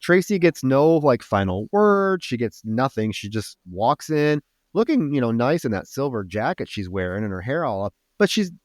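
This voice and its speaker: A man co-hosting a podcast, recapping a movie scene by scene with casual swearing. His voice sits at an ordinary middle pitch. The sound is dry and close, with no room echo. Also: moderate pace, few pauses. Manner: animated, profane retelling of plot. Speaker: podcast co-host.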